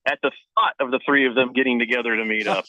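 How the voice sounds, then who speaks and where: A man hosting a casual sports radio show, reading listener messages aloud in a jokey, lively way. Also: medium pitch, no room sound. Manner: jokey, lively, talks fast in spurts. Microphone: phone line into the studio. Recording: tinny phone line, dry.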